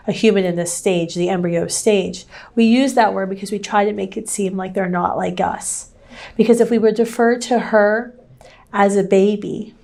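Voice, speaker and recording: A woman speaking as an activist, answering a question in a measured, explanatory way. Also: mid-range voice, a little mellow. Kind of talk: public debate answer.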